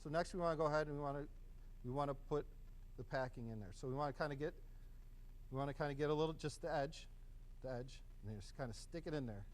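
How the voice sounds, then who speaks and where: First aid teacher guy, high voice for a man, chatty and encouraging, classroom demo. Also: fast. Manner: casual, encouraging, conversational.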